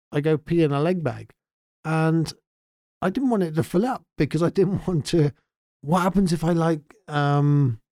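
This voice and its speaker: An Englishman hosts his own podcast, giving a casual spoken update in an earnest, heartfelt, sometimes emotional way; he is also the town's mayor. His voice sits a little high and a little mellow, recorded at studio quality with no echo.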